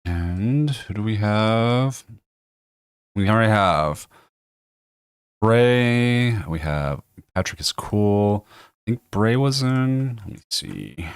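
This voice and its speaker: Hoarse low-voiced man hosting a stream. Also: sing-song, slow pace, long pauses, no echo, clean studio sound. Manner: rambling, self-interrupting, laughs often. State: hoarse from a cold. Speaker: tournament stream host. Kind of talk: casual livestream hosting.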